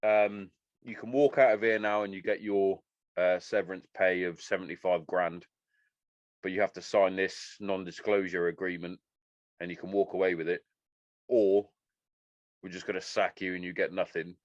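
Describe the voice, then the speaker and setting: A man's voice: low voice, moderate pace, dry recording, lo-fi sound. A man hosting a podcast, swearing freely as he tells stories in casual chat. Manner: sweary, animated storytelling. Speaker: podcast host.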